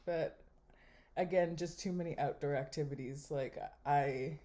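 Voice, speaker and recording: A young woman giving wry, deadpan running commentary while swiping through a dating app. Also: deep voice, unhurried. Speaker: vlogger.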